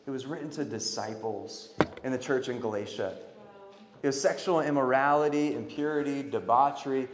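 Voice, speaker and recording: A man preaching a sermon, swinging from loud emphatic calls to quiet earnest pleas. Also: medium pitch, normal speed, noisy background. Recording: echoey hall.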